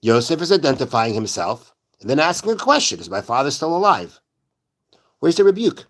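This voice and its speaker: A man's voice: medium pitch, sing-song, a little fast, a bit bright. A man teaching a Torah class in a synagogue. He explains step by step, repeats rhetorical questions, and weaves Hebrew verse quotations into plain talk. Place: synagogue study hall.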